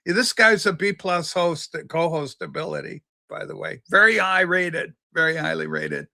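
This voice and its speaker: Bright-voiced older trans woman host. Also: fairly low pitch, sing-song, moderate pace, vocal fry. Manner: rambling, chatty, many fillers and restarts. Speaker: livestream show host. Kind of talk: casual rambling livestream chat.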